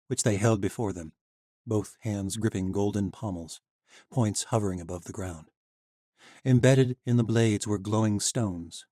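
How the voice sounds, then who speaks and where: A man reading scripted audiobook narration in a steady, even way. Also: lowish voice, no echo, clean studio sound.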